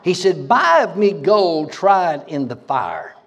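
A man's voice: fairly high pitch, big pitch swings, slow pace, creaky, a bit bright. A man preaching a sermon as pastor, fiery and folksy, laughing between lines in a church. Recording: reverberant church hall.

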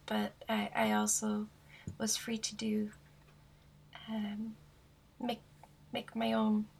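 A shy woman with a non-American accent, speaking softly and hesitantly as a guest on a podcast. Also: fairly high pitch, gravelly, slight background noise. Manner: shy, soft-spoken, hesitant with frequent fillers. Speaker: guest artist. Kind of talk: casual podcast interview.

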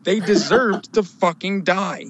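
A man's voice: sits high, slow, a bit bright, lo-fi sound, a little hiss or hum. A man co-hosting a horror podcast, ranting profanely and laughing through casual banter. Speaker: podcast co-host.

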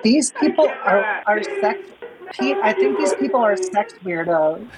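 A woman's voice: mid-range voice, expressive, measured pace, over a noisy crowd, rough recording. A woman making a prank call, dry and mock-prim as she jokes. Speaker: co-host, prank caller.

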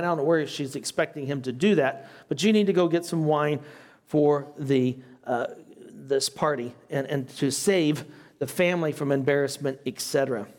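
A man's voice: on the high side, moderate pace. A man with a slight foreign accent, a pastor teaching a Bible study in a conversational way and asking his class questions. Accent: non-native English.

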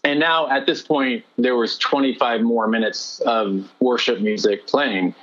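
Guy telling his testimony, earnest and lively, kinda dull lo-fi sound. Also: mid-range voice, a little slow. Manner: earnest, animated storytelling. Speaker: guest. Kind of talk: personal testimony in a faith interview.

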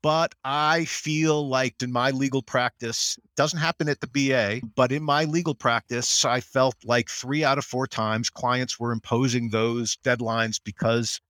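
A middle-aged American man, a general counsel as interview guest, talking in an animated way and acting out quotes. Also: measured pace, few pauses, no echo, studio quality. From United States. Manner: animated storyteller, acts out quotes in higher voice. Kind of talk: conversational interview.

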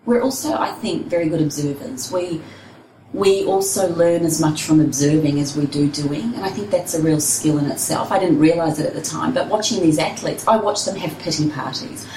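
Woman, expressive storyteller, slightly low voice, roomy echo, faint ambience. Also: normal speed, far from the mic, slight background noise. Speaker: ultrarunner and personal trainer. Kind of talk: storytelling interview.

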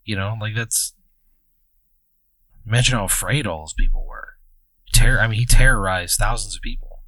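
A man's voice: fairly low pitch, pushed and bright, dry recording. A man co-hosting a podcast who plays along with a comic story and answers in blunt, indignant bursts. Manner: blunt, indignant replies with quick reactions. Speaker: podcast co-host. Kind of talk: comic improvised banter.

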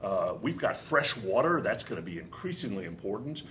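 A man's voice: lowish voice, sing-song, normal speed, a bit bright, a little hiss or hum. A middle-aged man with a thick Boston accent, talking casually as an interview guest, enthusiastic and often restarting his sentences. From Boston, USA. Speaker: whiskey company founder, guest.

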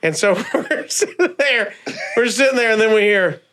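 A man telling a funny story on a podcast, acting out the people in it with lowered voices and laughing often. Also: expressive, moderate pace, sharp tone, slight background noise.

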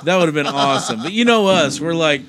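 A young man co-hosting a casual podcast, excitable and jokey, laughing often. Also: fairly high pitch, fast talker, slight background noise. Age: young adult. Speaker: podcast co-host. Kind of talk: casual chat.

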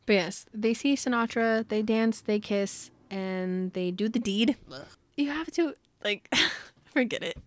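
A woman co-hosting a casual book discussion, retelling the plot with lots of laughter and quick quoted voices for the characters. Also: on the high side. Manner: animated storytelling, quotes characters in put-on voices, laughs often. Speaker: podcast co-host.

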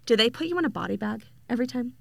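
A woman's voice: a little high, lively intonation, rapid-fire, vocal fry, fairly bright tone, no echo. A woman co-hosting a podcast, asking rambling curious questions in casual chat. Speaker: podcast co-host.

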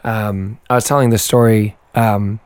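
Hoarse young man telling a story. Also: on the low side, little pitch movement, measured pace, darkish tone, no room sound. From Canada. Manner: rambling storyteller, laughs often. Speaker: podcast co-host. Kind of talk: casual chat.

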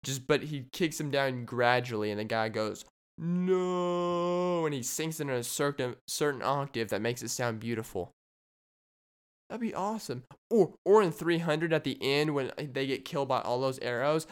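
A man's voice: mid-range voice, lively intonation, moderate pace. A man hosting his own solo podcast, rambling in a jokey way and riffing on silly ideas. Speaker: podcast host. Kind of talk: solo comedic podcast monologue.

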